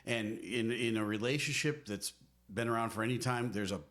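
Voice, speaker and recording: Speaking briskly in a mid-range, somewhat bright voice, a middle-aged marriage counselor co-hosts a podcast. His advice is earnest, emphatic and preacherly, delivered as conversational teaching.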